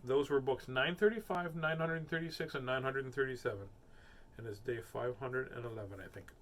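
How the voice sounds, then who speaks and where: A middle-aged man hosting a nightly livestream, reading a picture book aloud and chatting in an animated, playful way. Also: mid-range voice, moderate pace.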